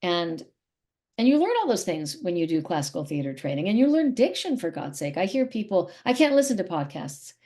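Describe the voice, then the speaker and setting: A woman's voice: fairly low pitch, big pitch swings, fairly quick, warm tone. A middle-aged woman, an actress and interview guest, talking in a casual, emphatic and opinionated way.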